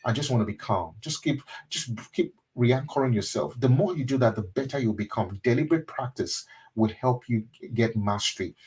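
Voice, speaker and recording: A man who is a pastor, giving a motivational webinar talk in an earnest, repetitive way that often drops to a soft, intimate tone. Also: medium pitch, lively intonation, normal speed, husky, low-quality recording. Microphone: webinar microphone.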